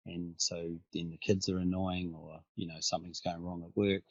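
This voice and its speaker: A man speaking as a podcast guest, talking in a thoughtful, soft-spoken way. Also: low voice, flat delivery, normal speed, gravelly, dry recording, dull audio. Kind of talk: casual reflective conversation.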